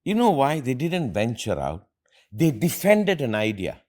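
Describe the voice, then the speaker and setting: Man, middle-aged, motivational host, earnest, emphatic, very lively pitch. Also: measured pace. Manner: emphatic, earnest, repeats phrases for stress. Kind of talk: motivational talk with family.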